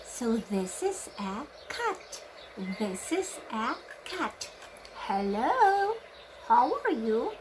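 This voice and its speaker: A woman teaching English to young children, speaking in a slow sing-song and imitating animal sounds. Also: on the high side, sing-song. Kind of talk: children's English lesson with songs. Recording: loud background noise.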